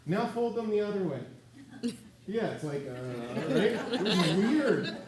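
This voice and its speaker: A middle-aged man giving a personal faith testimony, animated in places and hushed and earnest in others. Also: high-pitched, slow pace, a loud crowd. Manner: animated, shifts between excited and hushed earnest tones.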